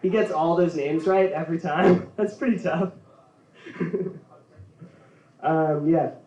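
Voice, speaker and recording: A man's voice: a little high, slow, a little mellow, a little hiss or hum. A man doing a stand-up set at a comedy venue, rambling and laughing at his own jokes. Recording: roomy, from far off.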